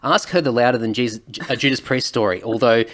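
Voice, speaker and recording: A man hosting a casual podcast interview, chatting in a relaxed, agreeable way. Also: medium pitch, fast talker. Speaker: podcast host.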